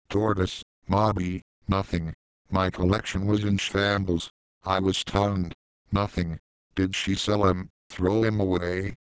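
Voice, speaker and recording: Flat, deep-voiced male story narrator. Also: clear, resonant tone, no room sound, poor audio. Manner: flat, low-key delivery, voicing both sides of the dialogue without much change. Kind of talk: first-person story reading.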